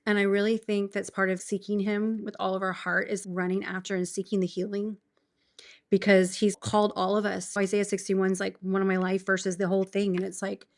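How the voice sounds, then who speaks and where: A woman's voice: mid-range voice, little pitch movement. Earnest woman sharing a faith testimony. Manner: earnest, emotional, quick bursts of enthusiasm. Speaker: podcast guest.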